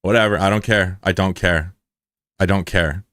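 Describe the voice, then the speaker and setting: Low-voiced joking male streamer. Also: fairly even intonation, moderate pace, fairly bright tone, no room sound, clean studio sound. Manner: joking and profane, banters with chat. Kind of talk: casual live-stream chat.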